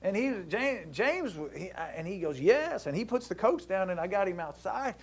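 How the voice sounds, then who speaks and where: High-voiced, lively male talk show host. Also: moderate pace. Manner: animated, acts out dialogue in the story. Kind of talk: casual storytelling to a caller.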